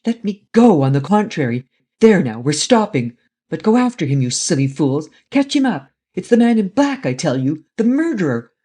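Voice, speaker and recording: Lupin, a man voicing a mocking gentleman thief. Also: mid-range voice, expressive, brisk, natural voice. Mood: furious. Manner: mocking, jaunty.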